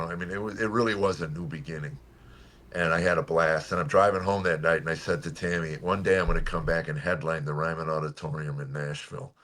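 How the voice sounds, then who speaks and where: A comedian in his seventies telling stories in a radio interview, lively when quoting people and quiet and earnest on serious points. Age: 70s. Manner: animated storyteller, jumps high for quoted voices. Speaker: comedian guest.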